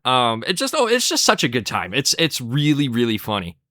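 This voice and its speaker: Bright, profane young man reviewing cartoons. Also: mid-range voice, huge pitch swings, a little fast, no room sound, studio quality. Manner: profane, rambling, laughing at jokes. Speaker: episode reviewer. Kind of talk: casual ranking commentary.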